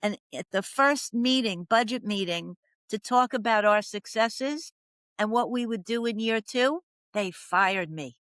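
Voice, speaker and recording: Older New woman, podcast guest, vivid storyteller, slightly high, smooth and clear, dry sound. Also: fairly bright tone, dry recording. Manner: dramatic storyteller acting out quoted voices. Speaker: podcast guest, professional coach. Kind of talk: storytelling interview.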